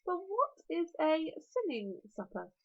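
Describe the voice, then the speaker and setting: A woman's voice: very high voice, wildly swooping pitch, unhurried, pitched above the performer's own voice, full character voice. A woman with a British accent voicing a small, anxious, earnest boy who sounds pleading and indignant, in a storybook reading. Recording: lo-fi recording.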